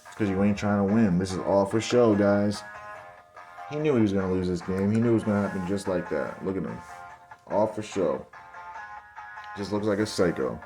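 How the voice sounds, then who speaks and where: A man's voice: on the low side, moderate pace, pauses often, dark tone, faint music behind. A young man giving casual video commentary over game footage, ranting in exasperation and calling his viewers guys and bro. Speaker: football commentary channel host.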